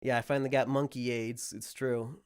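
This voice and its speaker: A man's voice: medium pitch, level tone, moderate pace, a little mellow, clean tone. A man with a sick voice chatting casually on a livestream, rambling and swearing freely. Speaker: streamer.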